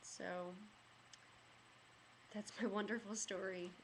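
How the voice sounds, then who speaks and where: Against a noisy background, a young woman vlogger speaks slowly in a mid-range voice with little pitch movement. Her casual story wanders, heavy with "like" and "you know," and emotion chokes her up as she talks.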